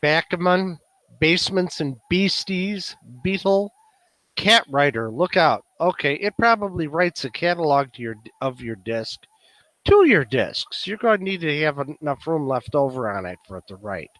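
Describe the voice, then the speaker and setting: A man's voice: a little high, sing-song, normal speed, a bit bright, dry recording. Rambling Chicago man with a dry sound. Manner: musing aloud, many "uh" fillers. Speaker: meeting presenter. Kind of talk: casual demonstration talk.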